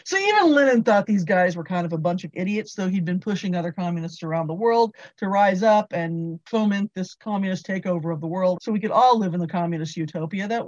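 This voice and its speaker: A woman's voice: on the low side, a little mellow, dry recording. A woman co-host telling a history story in a wry, sarcastic way. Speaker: podcast co-host. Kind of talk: casual political commentary. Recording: dry, slightly dull sound.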